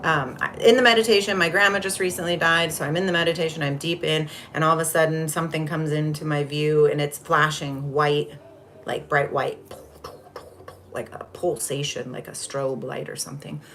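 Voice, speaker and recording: A woman's voice: sits low, steady tone, normal speed, fairly bright tone, a little hiss or hum. A woman hosting a casual spiritual livestream, chatty and rambling as she greets viewers from the chat. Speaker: livestream host.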